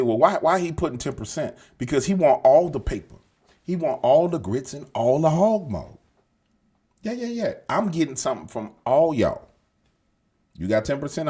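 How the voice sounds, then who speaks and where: A man holds forth in a slangy, profane monologue, talking straight at his audience. His voice is husky, and his pitch leaps up and down as he argues. He sounds like he is speaking into a desk mic. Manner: animated, profane, streetwise slang, talks straight to viewers. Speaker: political commentary podcast host. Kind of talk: casual opinionated monologue.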